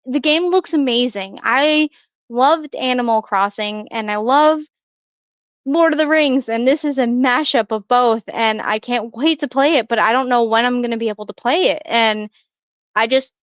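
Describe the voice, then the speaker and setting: Chatty woman host, smooth dry voice. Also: a little high, normal speed, dry recording, lo-fi sound. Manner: chatty, many fillers and restarts, laughs often. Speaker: podcast co-host. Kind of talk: casual chat.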